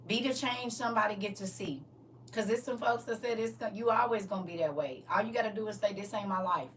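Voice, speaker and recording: A woman's voice: mid-range voice, quick pace, a bit bright. A woman preaching a livestreamed sermon, fervent and exhorting in a colloquial style. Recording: distant mic with faint noise.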